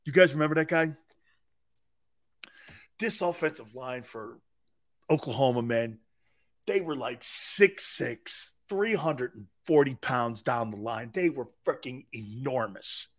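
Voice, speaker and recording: A middle-aged American man hosting a sports radio show, brash and laughing, swinging from shouting to muttering as he swears and riffs. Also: mid-range voice, a little slow. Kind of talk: loud casual sports talk.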